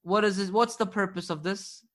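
A man teaching an Arabic grammar class, patiently quizzing his students, praising their answers and slowing down to spell out key terms. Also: high voice, steady tone, fairly bright tone. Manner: slows down to dictate key terms.

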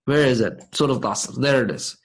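A man teaching a class, explaining slowly and checking in with his students often. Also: medium pitch, expressive, rough recording. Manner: slow, deliberate explaining. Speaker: Arabic grammar teacher.

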